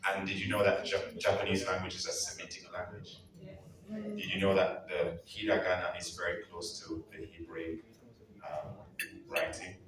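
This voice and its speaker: A man from Jamaica with a Jamaican accent, telling playful, emphatic stories in a lively speech to a live audience. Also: deep voice, moderate pace, a crowd in the background. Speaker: guest speaker at an anniversary event. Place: large event hall. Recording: echoey hall, far from the mic. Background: piano playing.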